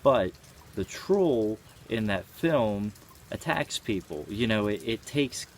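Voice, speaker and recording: A man's voice: fairly low pitch, animated, takes it slowly, a little hiss or hum. A man in his twenties talking casually and earnestly to camera, rambling with many fillers and the odd swear word. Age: 20s. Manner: rambling, frequent "you know" fillers. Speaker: vlogger. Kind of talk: casual reflective monologue.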